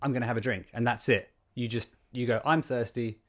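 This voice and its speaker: A young man co-hosting a casual podcast, telling stories in an animated, exasperated way. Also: medium pitch, brisk. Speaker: podcast co-host. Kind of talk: casual chat. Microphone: studio condenser mic.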